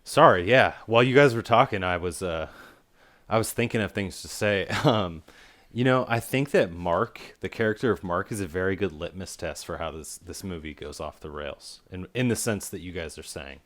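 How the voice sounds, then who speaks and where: A man with a fairly low voice co-hosts a casual film review podcast. He rambles and circles his points with plenty of fillers. He gets animated as an argument lands. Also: moderate pace.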